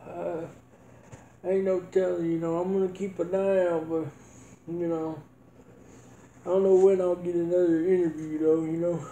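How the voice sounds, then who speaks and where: A man's voice: sits high, little pitch movement, normal speed, long pauses, dark tone, slight background noise. A man playing a laid-back, jobless adult son in a comedy sketch, mumbling and stammering. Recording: roomy echo.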